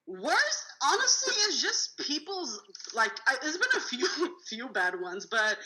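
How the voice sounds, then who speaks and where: A woman's voice: high voice, very animated, a little slow, noisy background. A woman in her twenties, a rideshare driver from California, telling blunt, profane stories in a casual roundtable chat. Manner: blunt, swears freely, acts out passengers with laughs.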